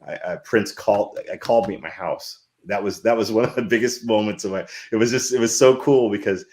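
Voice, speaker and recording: Deep-voiced rambling male filmmaker. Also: a little fast. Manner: animated, rambling with many restarts. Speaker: filmmaker guest. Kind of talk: casual interview storytelling.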